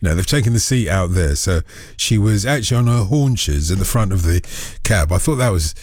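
A man's voice: deep voice, animated, darkish tone, no room sound, studio quality. A man hosting a radio phone-in, chatting casually and joking with callers. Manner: jokey and chatty, quick asides.

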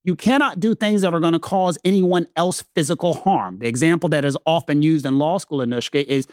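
A man's voice: fairly high pitch, brisk, no echo, clean studio sound. A man with a Southern American accent explaining legal points in a podcast discussion, emphatic and lecturing, repeating phrases for weight. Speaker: legal commentator co-host.

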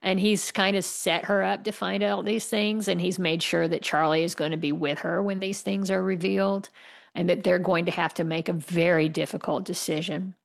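A woman's voice: lowish voice, fairly even intonation, moderate pace, vocal fry. A woman from the United States, an author answering interview questions in a candid, passionate way and laughing wryly. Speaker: author guest.

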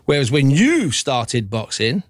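A man hosting an interview, animated and joking. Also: medium pitch, unhurried, no echo, clean studio sound. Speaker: podcast host. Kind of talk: conversational interview.

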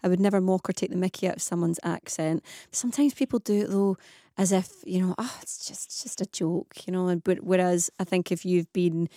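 A woman's voice: lowish voice, fairly even intonation, fairly quick, mellow, dry recording, clean studio sound. A woman from Scotland hosting a radio phone-in, asking her callers friendly, curious questions. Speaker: radio host.

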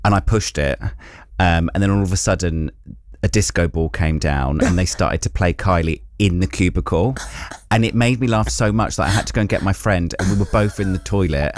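Low-voiced self-deprecating male comedian. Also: fairly quick, no room sound. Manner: self-deprecating, chuckles while talking. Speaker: stand-up comedian. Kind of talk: casual anecdote telling.

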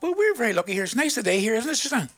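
A man's voice: very high-pitched, sing-song, very fast, a bit bright. A male radio presenter with a Northern Irish accent, chatting away and sending out greetings to listeners in a rambling patter. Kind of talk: live radio chat with listener shout-outs.

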